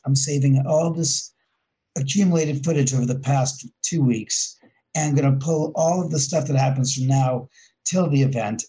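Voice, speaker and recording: A man's voice: medium pitch, slightly rough, low-quality recording. A man, a guest in a casual interview, telling rambling ghost stories about his house and correcting himself as he goes. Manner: rambling, self-correcting, animated when retelling. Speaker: guest, haunted house owner.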